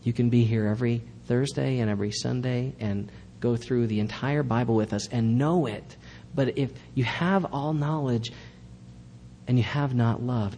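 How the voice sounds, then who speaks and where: A man's voice: medium pitch, moderate pace, creaky, mellow, in a large hall, a little hiss or hum. A male pastor giving a sermon in a church, preaching earnestly with emphatic repetition.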